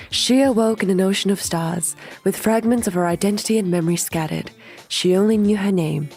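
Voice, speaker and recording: A woman's voice: mid-range voice, a little fast, a little mellow, breathy edge. A young woman streamer animatedly retelling a music video's story in casual chat, stringing along with repeated "and then"s.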